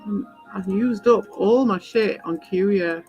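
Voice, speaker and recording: A woman talks through her game on a live stream, wandering from thought to thought and cursing freely whenever something winds her up. Her voice sits at an ordinary middle pitch, and soft music plays faintly underneath. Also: slow pace, dull audio. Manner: rambling, swears freely, gets worked up. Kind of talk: casual live-stream chat while playing.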